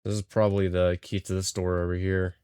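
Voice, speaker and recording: A man's voice: deep voice, little pitch movement, fairly quick, noisy background. A man playing a horror game, reading the text aloud with hesitant muttered asides. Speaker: game streamer.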